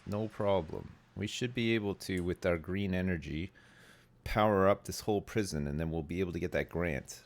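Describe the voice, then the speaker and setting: A man streaming a game live, rambling and joking casually. His voice sits low and relaxed as he talks. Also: moderate pace.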